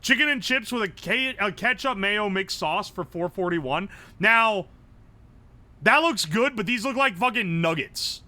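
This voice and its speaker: Sharp-voiced, high, lively male streamer. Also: no room sound. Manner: blunt, profane, quick reactions. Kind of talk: live-stream gameplay commentary.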